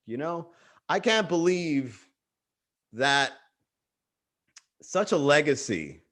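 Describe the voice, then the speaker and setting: A man hosts a casual comedy livestream from home, talking into a computer mic. His voice sits fairly high and swings widely in pitch. He riffs loosely and swears freely, and slips into other people's voices as he goes. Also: sing-song, slow, a bit bright. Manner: profane, riffing, acts out quoted voices.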